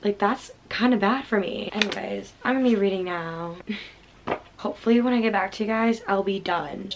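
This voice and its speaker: A young woman talking casually to her camera as a vlogger, chatty and emotional, laughing often. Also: mid-range voice. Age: young adult. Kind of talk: casual vlog chat. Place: car, dorm room.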